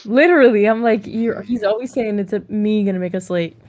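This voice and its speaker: A woman's voice: mid-range voice, quick pace, darkish tone, dry recording. A woman chatting casually as a player, telling stories with animation and swearing freely. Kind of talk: casual chat.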